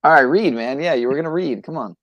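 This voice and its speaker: A man hosting a livestream podcast, chatting casually in a rambling, hesitant way that trails off quietly. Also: a little high, fast, no room sound, muffled recording. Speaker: podcast host.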